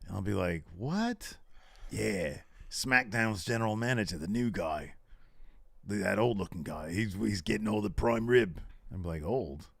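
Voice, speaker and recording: A man co-hosting a live podcast, bantering casually, loud and profane, jokingly berating the audience. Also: fairly low pitch, normal speed, creaky, no echo. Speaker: podcast co-host.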